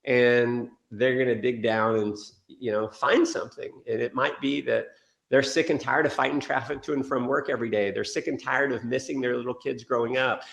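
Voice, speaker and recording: A man giving an energetic sales training talk, telling stories and acting out quotes. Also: mid-range voice, moderate pace, vocal fry, roomy sound. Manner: energetic storytelling with acted quotes. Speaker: motivational speaker.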